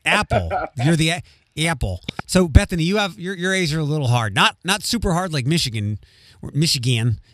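A man's voice: a little high, animated, fast, few pauses, fairly bright tone, a little hiss or hum. A man from Western Pennsylvania co-hosting a casual chat, rambling and wry, often restarting his sentences. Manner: rambling, self-correcting, wry. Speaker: podcast co-host.

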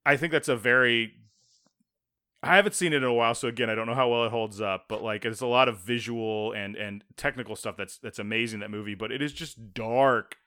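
Bright-voiced chatty man. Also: medium pitch. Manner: chatty, laughing, quick asides. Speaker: podcast co-host. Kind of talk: casual chat.

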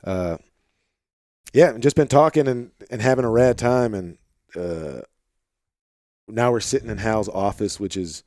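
A man hosting a podcast with an Arkansas-tinged Midwestern accent, chatting in a relaxed, rambling way full of fillers, recorded in a home office. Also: on the low side, measured pace, pauses often, dry recording, studio quality. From St. Louis, Missouri. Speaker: podcast host. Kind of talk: casual conversation.

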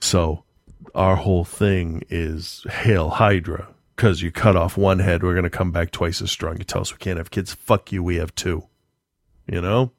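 Gravelly low-voiced man, casual chat. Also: level tone, measured pace, dry recording, clean studio sound. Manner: profane, darkly joking, laughs often.

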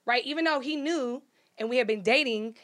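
A woman's voice: high-pitched, fairly bright tone. A woman in her thirties hosting a casual chat, telling a personal story candidly and emotionally. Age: 30s. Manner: candid, emotional, fast bursts.

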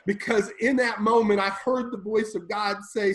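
A man with a fairly high voice recounts his life on a podcast with fervent, preacher-like intensity. He surges loud and then sinks to a near hush. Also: steady tone, normal speed, hardly any pauses, poor audio. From Illinois. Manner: intense, preacher-like, swings between loud and hushed. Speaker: podcast guest. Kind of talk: emotional personal storytelling.

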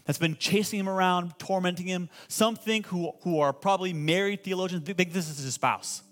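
Pastor guy preaching a sermon, gets the crowd to repeat stuff, soft music under it. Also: sits high, normal speed. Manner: builds from calm teaching to loud impassioned pleading; asks the congregation to repeat phrases. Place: church hall with congregation.

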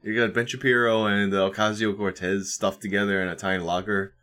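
A man with a somewhat low voice talks haltingly in a casual podcast chat. He stops and restarts, then lands dry jokes. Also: flat delivery, bright, forceful tone.

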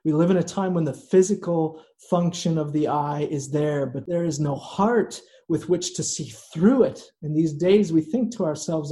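A man preaching a sermon in a slow, earnest way, with dramatic pauses. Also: on the high side, warm tone. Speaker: pastor.

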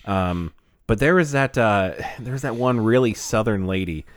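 Chatty low-voiced man, dry sound. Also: normal speed, no room sound. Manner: animated, laughs often, trails off searching for words. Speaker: podcast co-host. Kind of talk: casual chat.

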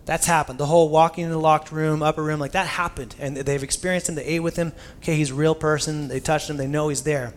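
A man's voice: fairly high pitch, fairly even intonation, fast, hardly any pauses. A young male pastor preaching a sermon in a casual, conversational storytelling style with informal asides.

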